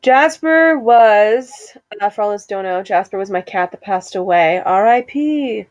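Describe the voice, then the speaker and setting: A young woman chatting casually as a podcast co-host, playful and quick to laugh. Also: mid-range voice, lively intonation, dry recording, lo-fi sound. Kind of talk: casual chat.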